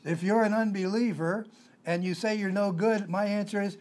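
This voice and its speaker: A man's voice: high voice, fairly even intonation, normal speed, darkish tone. A man preaching a conversational sermon, emphatic and repeating his key phrases.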